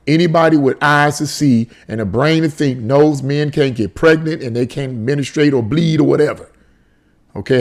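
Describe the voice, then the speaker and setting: A man hosting a solo political commentary show, reading tweets aloud with exasperated, incredulous remarks and repeated phrases. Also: medium pitch.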